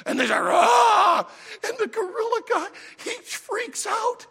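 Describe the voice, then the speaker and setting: A man preaching a sermon in a church auditorium, an animated, emphatic storyteller, with long hall reverb. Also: very high voice, moderate pace, creaky, raised voice. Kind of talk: sermon with a told joke.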